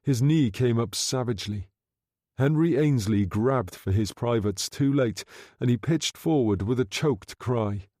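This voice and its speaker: A man reads an audiobook aloud at a steady, measured pace. His voice sits at a medium pitch, and the studio-quality recording has no echo.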